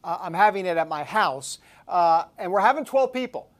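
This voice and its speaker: A man from New York hosting a talk show, joking and rambling, swinging between loud and soft. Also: high voice, expressive, moderate pace.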